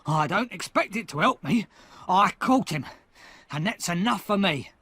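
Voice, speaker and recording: A man reading an audiobook, voicing a hard, defiant escaped convict who talks loudly and forcefully. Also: sits high, lively intonation, moderate pace, slightly rough, no room sound, pitched above the performer's own voice, exaggerated voice. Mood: shouting. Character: fierce hard old male escaped convict.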